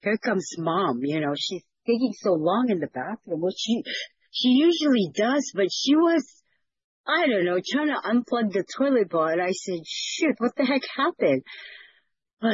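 Woman, fellowship leader, earnest testimony; husky, dry, muffled video-call sound. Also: medium pitch, expressive, normal speed, no room sound. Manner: earnest, rambling, with repeated words. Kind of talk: personal testimony sharing.

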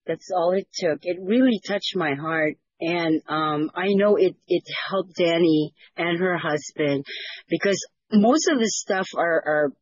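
A woman's voice: on the low side, unhurried, breathy edge, no echo, dull audio. A woman leading a fellowship, sharing a personal testimony in an earnest, rambling way that repeats words, over a video call. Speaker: fellowship leader.

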